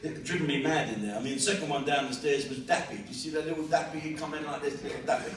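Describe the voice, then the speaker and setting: Rapid-fire and steady in tone, a fiftysomething comic with a South London accent delivers crude, swear-laden stand-up in a higher-pitched voice. The audio is echoey and distant, with crowd noise from the live audience.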